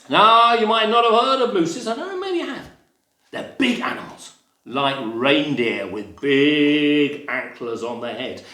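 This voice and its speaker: Animated storyteller man, playful and lively. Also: a little high, roomy sound. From England. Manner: animated, playful, with sound effects and asides to children. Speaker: library storyteller. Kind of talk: children's story reading.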